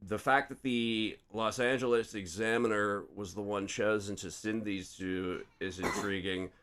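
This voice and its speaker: A man's voice: fairly low pitch, fairly even intonation, a little slow, a bit bright. A man hosting a casual podcast chat, opinionated and swearing freely. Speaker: podcast host.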